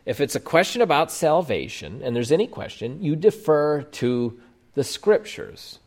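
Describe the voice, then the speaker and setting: A man's voice: a little high, sing-song, normal speed, a little mellow. A man preaching a sermon as a Lutheran pastor, explaining doctrine emphatically and posing rhetorical questions to the congregation.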